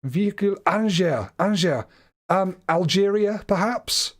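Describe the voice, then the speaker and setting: A high-pitched, animated man speaks slowly while hosting a live stream. He commentates a game by thinking aloud, chatty and hesitant, often stumbling over his words.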